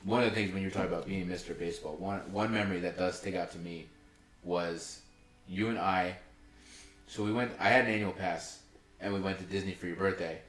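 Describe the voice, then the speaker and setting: A young man with a very low voice, talking quickly and rambling, full of filler words. He sits a bit back from the mic, and the room rings with echo. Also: steady tone, fairly bright tone. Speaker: podcast co-host. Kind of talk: casual chat. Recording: echoey room, mic at a distance.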